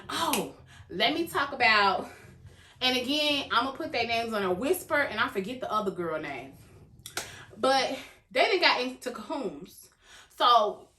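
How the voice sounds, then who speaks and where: Young adult woman, high voice, very animated, casual recap, echoey room. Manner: animated storytelling, acts out characters' lines, calls viewers "baby". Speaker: reaction video host. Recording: echoey room, faint background noise.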